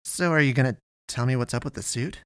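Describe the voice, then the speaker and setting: A man voicing a bewildered, anxious young man lost after death, his questions jumping up in pitch. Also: quick pace, clean tone, no echo, clean studio sound, natural voice. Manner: rising, incredulous questions.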